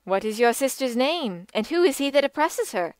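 A woman's voice: high voice, very animated, normal speed, dry recording, voice pushed up. A woman reading an audiobook, voicing a stern older king who speaks in a grave, formal manner. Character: stern, commanding old male king.

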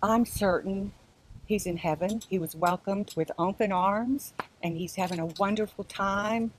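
A woman's voice: medium pitch, measured pace, a little hiss or hum. An older woman giving a chatty eulogy in a church, laughing as she shares stories. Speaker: family member giving a eulogy. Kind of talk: memorial speech.

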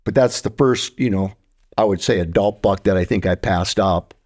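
A man's voice: sits low, moderate pace, darkish tone. A man co-hosting a podcast, telling hunting stories with lots of animation and imitating deer calls and grunts. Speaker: podcast co-host. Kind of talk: storytelling.

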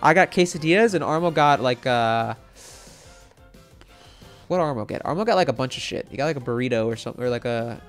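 A man's voice: mid-range voice, expressive, fast, pauses often, faint music behind. Rambling young man telling a story. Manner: rambling, heavy on "like" fillers and swearing. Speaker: streamer. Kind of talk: casual storytelling rant.

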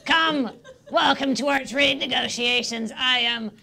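A woman's voice: sits high, measured pace, gravelly, sharp tone, exaggerated voice. A woman voicing an old crone envoy from a bog country, speaking in a grand, ceremonial manner in an improvised comedy scene. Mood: grandly welcoming. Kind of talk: improv comedy role-play.

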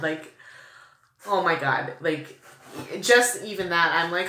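A woman's voice: mid-range voice, lively intonation, moderate pace, roomy sound, noisy background. Gushing valley-girl woman unboxing makeup. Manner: gushing, breathless exclamations, valley-girl fillers. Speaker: beauty vlogger. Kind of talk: excited unboxing chat.

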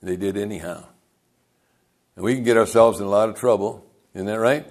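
A man's voice: fairly low pitch, a little fast, a little mellow. An older man preaching a sermon as pastor, telling folksy stories and calling out to the congregation.

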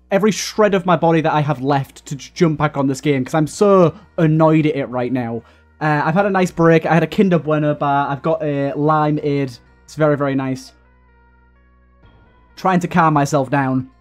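Exasperated young man rambling over gameplay. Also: a little high. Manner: rambling, exasperated, with many fillers and restarts. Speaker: gaming YouTuber. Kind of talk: casual let's-play commentary.

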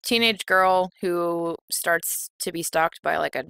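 A woman's voice: on the low side, takes it slowly, vocal fry, a bit bright, smooth, no echo. A woman co-hosting a horror podcast in casual chat, foul-mouthed and blunt, laughing a lot. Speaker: podcast co-host.

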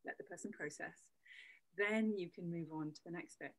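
A woman's voice: on the low side, moderate pace, a bit bright, rough recording. A woman, a voice coach, explaining her points in a conversational interview with worked examples. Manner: explanatory, uses demonstrative examples. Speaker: voice coach guest.

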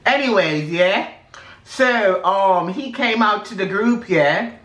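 A man's voice: high-pitched, unhurried, fairly bright tone. A man putting on a chatty British gossip voice who ends nearly every sentence with a questioning "yeah?", in a roomy, echoey recording. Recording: roomy echo.

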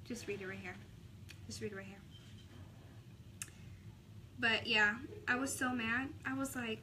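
A young woman vlogging a makeup tutorial, chatting casually with a sassy, animated way of telling stories. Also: on the high side, unhurried, pauses often, slight background noise.

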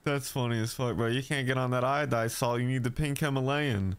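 A man's voice: medium pitch, brisk, smooth. A man hosting a casual podcast, joking and teasing in loose banter. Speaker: podcast host.

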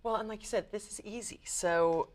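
A woman's voice: medium pitch, moderate pace. Bubbly woman hosting a cooking show. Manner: bubbly, upbeat, laughs easily.

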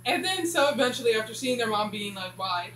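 A woman's voice: fairly high pitch, animated, fast, fairly bright tone, soft background music. A woman casually recapping a TV series, rambling and filling gaps with "blah blah.". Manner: rambling, says "blah blah" a lot. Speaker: show reviewer. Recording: echoey room with faint hum.

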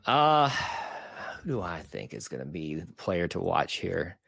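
A man's voice: deep voice, big pitch swings, measured pace, vocal fry, fairly bright tone, dry recording, clean studio sound. A man co-hosting a casual sports podcast, chatty and enthusiastic, with folksy exclamations. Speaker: podcast co-host.

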